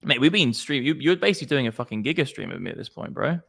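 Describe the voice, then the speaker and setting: A man's voice: medium pitch, very animated, fast talker, creaky, a bit bright, breathy edge. A man hosting a casual crypto livestream, chatty and slangy, swearing freely. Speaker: crypto stream host.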